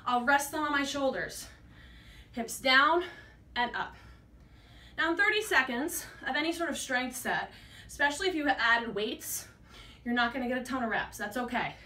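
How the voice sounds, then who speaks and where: A woman leading an exercise class, talking through each move while she works out herself. Her voice sits high and sounds bright and energetic, with breathlessness from the effort. The mic is some distance away in a roomy, echoing space with faint background noise. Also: moderate pace, pauses often. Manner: encouraging, counting reps while exercising. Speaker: fitness instructor. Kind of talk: workout class instruction. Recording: echoey room, mic at a distance.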